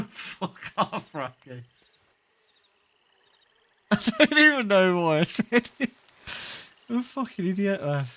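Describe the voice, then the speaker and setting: Male streamer, foul-mouthed and giggly, voice swings wide in pitch. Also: moderate pace, no room sound. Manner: swears a lot, laughs often, animated. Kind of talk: live-streamed roleplay chat.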